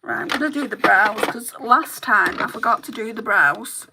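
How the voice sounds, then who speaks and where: A woman's voice: a little high, moderate pace, creaky, very noisy. A woman chatting candidly to the camera while doing her makeup, telling stories with a chatty, open manner. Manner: chatty, candid storytelling with laughs.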